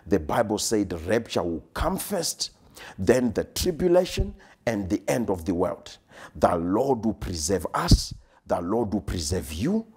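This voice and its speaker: A man's voice: fairly low pitch, darkish tone, husky. A man preaching a sermon in an emphatic, repetitive cadence, sometimes dropping to a whisper for emphasis.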